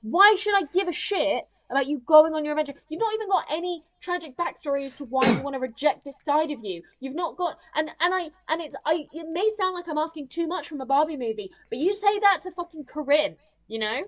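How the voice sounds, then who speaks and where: A woman's voice: high voice, lively intonation, fast. A woman co-hosting a film podcast, ranting and swearing as she mimics characters in casual chat. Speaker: podcast co-host.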